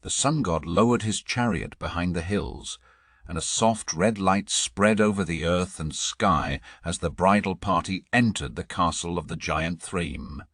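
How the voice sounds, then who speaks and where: A male narrator reading a storybook audiobook in a measured, dramatic way. His voice is very low and husky, and he takes his time. The sound is close and dry, as from a studio booth. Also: a bit bright, dry recording.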